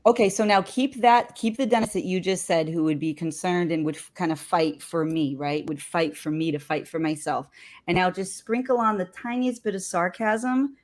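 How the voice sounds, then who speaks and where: A woman with a voice a little lower than most talks through a casual live discussion as co-host. She is animated and peppers her sentences with "like". Her delivery is loose and conversational. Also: normal speed. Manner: animated, frequent "like" fillers.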